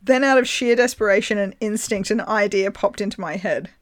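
A woman's voice: medium pitch, a little fast, no echo. A woman reading a story aloud to a co-host, amused and breaking into laughs, acting out the quoted voices.

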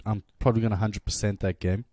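A young man trades cocky, crude jokes on a casual podcast and laughs often. His voice sits low, and the recording is dry and close. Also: little pitch movement, fast, mellow, no room sound. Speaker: podcast co-host.

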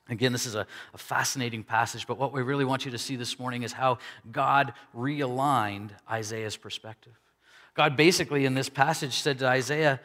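A man preaching a sermon, conversational and animated, voicing the people in his story. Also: mid-range voice, a little fast. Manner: conversational preaching with dramatic quoted dialogue. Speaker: pastor. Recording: long hall reverb.

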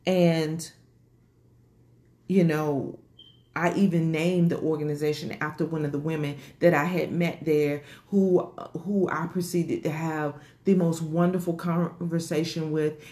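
Low-voiced woman telling her story. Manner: rambling, repeats words, many fillers like "you know"; grows animated and higher when excited. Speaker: organization founder sharing her story. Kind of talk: emotional personal storytelling.

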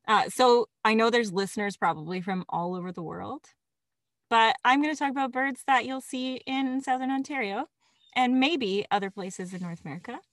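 A woman's voice: on the high side, moderate pace, no room sound. A woman co-hosting a casual podcast, talking about birds with lots of laughter and enthusiasm. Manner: giggly, enthusiastic. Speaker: podcast co-host.

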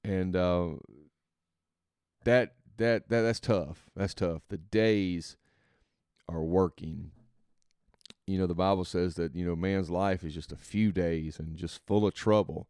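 A man hosting a reflective faith podcast, thinking aloud in a rambling, halting way and often trailing off softly. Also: low-pitched, fairly even intonation, clear, resonant tone, dry recording, studio quality. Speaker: podcast host and father.

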